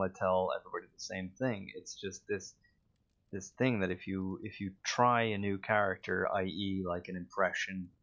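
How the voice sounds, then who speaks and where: A man's voice: sits low, lo-fi sound. A man with a Dublin Irish accent, a voice actor chatting casually on a livestream, telling stories with lots of fillers and self-mocking asides. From Ireland. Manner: anecdotal, self-mocking, with frequent fillers and restarts. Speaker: voice actor streaming.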